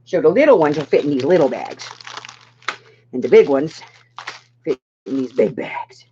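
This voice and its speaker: A woman's voice: low-pitched, very animated, normal speed, dark tone. A woman with a sore throat chatting casually with viewers while packing bags for her craft shop, laughing often. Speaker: craft shop owner and vlogger. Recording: dull lo-fi sound with faint hiss.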